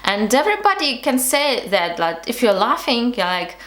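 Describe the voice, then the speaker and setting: A woman's voice: a little high, sing-song, normal speed, fairly bright tone, echoey room. A young woman from Russia with a Russian accent, chatting casually to camera with hesitant fillers and restarts. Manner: hesitant, lots of fillers and restarts, frequent laughs. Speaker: vlogger.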